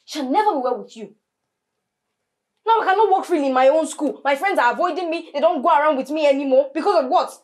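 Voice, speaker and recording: A high, sharp-tongued teenage girl voiced by a young actress who heaps curses and scorn on her sister in a Nollywood film. Her comes through, and she stumbles over her words when she is heated. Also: fast talker, natural voice. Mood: bitter ranting. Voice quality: scornful, cursing, stammering when worked up.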